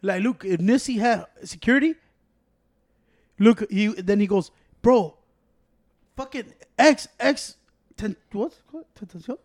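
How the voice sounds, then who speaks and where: A man chatting casually on a podcast, telling animated stories with loud acted-out quotes and lots of laughter. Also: sits high, measured pace, pauses often. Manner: animated storytelling, acts out quotes loudly; swears a lot, laughs often. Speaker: podcast co-host. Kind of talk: casual chat.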